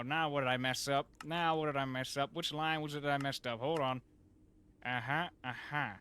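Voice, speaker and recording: A man giving casual gameplay commentary, excitable and self-mocking, with lots of fillers and sudden yelps. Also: medium pitch, measured pace, smooth. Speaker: gameplay youtuber. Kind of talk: casual let's play commentary.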